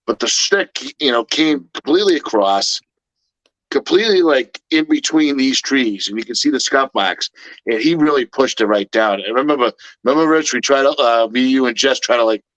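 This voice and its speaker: A man co-hosting a podcast, telling a story in casual chat with a rambling, halting way of talking. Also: mid-range voice, a bit bright, dry recording, low-quality recording.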